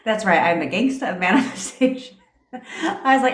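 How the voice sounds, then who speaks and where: A woman's voice: medium pitch, sing-song, brisk. A woman in her forties, a manifestation coach, telling a story on a livestream in a blunt, profane way, laughing often. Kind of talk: casual storytelling rant on a livestream. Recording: roomy echo.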